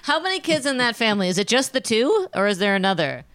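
A woman's voice: fairly high pitch, sing-song, fast talker, fairly bright tone. A woman co-hosting a podcast in casual chat, laughing and reasoning things out aloud. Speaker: podcast co-host.

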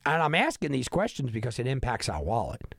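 An exasperated man delivers a sports betting rant, firing off sarcastic rhetorical questions. His voice swings widely in pitch and has a gravelly rasp. The sound is dry and close, with no room echo. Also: wildly swooping pitch, a little fast, a bit bright. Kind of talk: animated sports talk monologue.

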